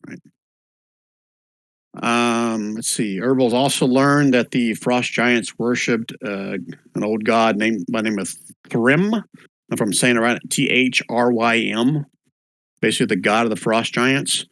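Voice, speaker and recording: A man's voice: medium pitch, fairly even intonation, unhurried, a bit bright, no room sound, low-quality recording. A man running an online tabletop one-shot as game master, easygoing, with lots of fillers, spelling out names as he goes. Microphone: voice chat microphone.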